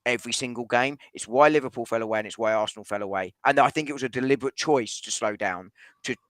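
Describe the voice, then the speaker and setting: A man argues football tactics at a fast clip, weighing each point and restarting sentences as he goes. His voice is sharp in its pace and sounds close and dry, with little room around it. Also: medium pitch, no echo. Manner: fast, reasoned, hedging with restarts. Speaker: podcast panelist. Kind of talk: casual football debate.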